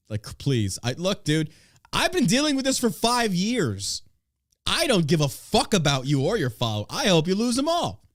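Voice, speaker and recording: A man hosting a podcast rants in a profane, mocking way. His fairly high voice leaps all over the place, recorded close and dry on a studio mic. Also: sing-song, moderate pace, dry recording. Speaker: podcast host. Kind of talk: casual ranting chat.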